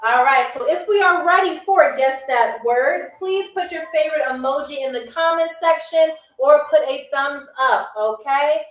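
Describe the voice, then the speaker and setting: A woman's voice: high voice, moderate pace, few pauses. A woman hosting a live-stream trivia game show, chatty and upbeat, stretching out words as she teaches them. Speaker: livestream game show host. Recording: roomy, slightly distant mic with faint music.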